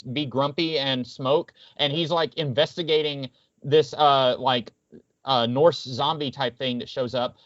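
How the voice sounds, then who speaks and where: A man co-hosts a casual podcast, rambling with wry asides. His voice sits a little high. The recording is dry and dull, lo-fi. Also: dry recording. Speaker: podcast co-host.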